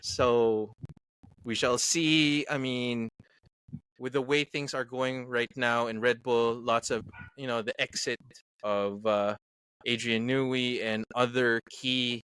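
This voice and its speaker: A man's voice: mid-range voice, steady tone, slow pace, fairly bright tone, clear, resonant tone, no echo. A man from Canada co-hosting a podcast, talking in casual chat in a hesitant way with frequent fillers. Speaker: podcast co-host.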